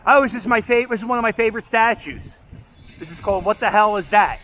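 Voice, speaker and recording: Walking his dog through city streets and filming as he goes, a vlog host rambles and cracks jokes in casual commentary. His voice is high and a bit bright, and he talks fast.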